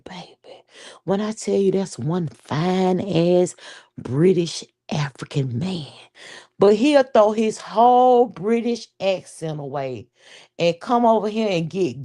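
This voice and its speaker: A woman hosting a livestream in animated, casual chat, swearing freely and laughing often. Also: medium pitch. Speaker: livestream host.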